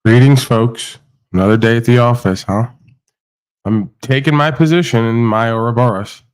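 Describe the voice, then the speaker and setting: A man's voice: medium pitch, normal speed, darkish tone, clear, resonant tone. A man hosting an online panel show, ranting casually and rambling, often asking "right?". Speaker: podcast host. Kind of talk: casual rant to panel guests. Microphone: video call.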